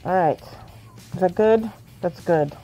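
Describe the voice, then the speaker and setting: A woman with a fairly low voice rambles casually and giggles often as she paints miniatures for her viewers. She speaks at an unhurried, slow pace and goes soft when she concentrates. Faint music plays behind her. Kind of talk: casual chat while painting.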